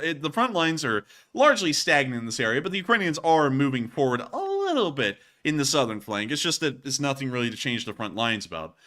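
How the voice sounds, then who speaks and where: A man's voice: a little high, pushed and bright. A man hosting a casual war news commentary, talking straight to his viewers in an informal, joking way. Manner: chatty, joking, laughs at the footage; addresses viewers directly and informally.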